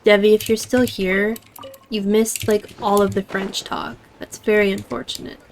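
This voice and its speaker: A woman's voice: mid-range voice, level tone, normal speed, a little hiss or hum. A woman streaming a game, chatting casually and jokingly with her viewers, often laughing. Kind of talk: casual gameplay chat with chat.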